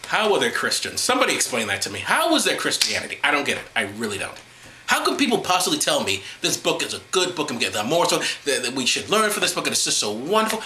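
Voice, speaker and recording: A man's voice: a little high, wildly swooping pitch, quick pace, roomy sound, background noise. A man hosting a vlog, ranting sarcastically and with lots of swearing while reading through a text. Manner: sarcastic, exasperated, profane. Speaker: vlog host. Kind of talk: ranting commentary on Bible reading.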